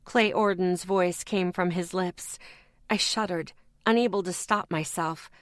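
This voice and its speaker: A woman narrating a paranormal audiobook in first person, with a measured, intense, emotional reading on a close studio mic. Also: on the low side, steady tone, no room sound.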